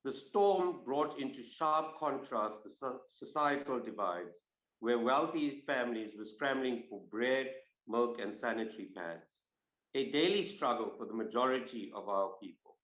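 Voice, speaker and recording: A man opens and hosts a panel discussion, speaking in a measured, formal way with plenty of "uh"s once he leaves his script. His voice sits at an ordinary pitch. The sound echoes around the room on the video call. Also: expressive, fairly bright tone, highs cut off. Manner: measured, with frequent fillers when speaking off-script. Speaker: host. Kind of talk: formal opening remarks and panel introductions.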